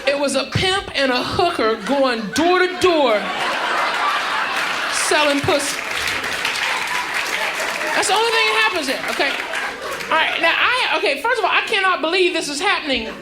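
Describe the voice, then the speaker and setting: A man's voice: very high-pitched, animated, normal speed, long pauses. Male comic, 40s, profane crowd-work style; roomy live club recording with audible noise. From Houston, Texas. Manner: brash, profane, conversational, keeps checking in with the crowd. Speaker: stand-up comedian. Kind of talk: stand-up comedy set. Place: comedy club stage before a live audience.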